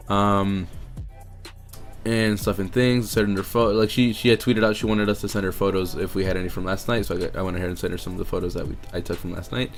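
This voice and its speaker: A young man telling a long personal story to his viewers, rambling, excitable and swearing a lot. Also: on the low side. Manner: excitable, rambling and heavily profane. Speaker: streamer and YouTuber. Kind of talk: casual storytelling to camera.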